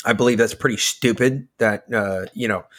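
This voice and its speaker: A man co-hosting a podcast, ranting heatedly with lots of swearing and swinging between loud outbursts and slow emphasis. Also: on the low side. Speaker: podcast co-host. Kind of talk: casual political chat.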